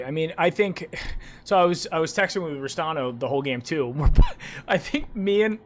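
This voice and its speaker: A man hosting a casual post-game sports talk show, rambling and correcting himself as he tells stories. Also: on the high side. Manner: rambling, self-correcting, animated storytelling. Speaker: podcast host.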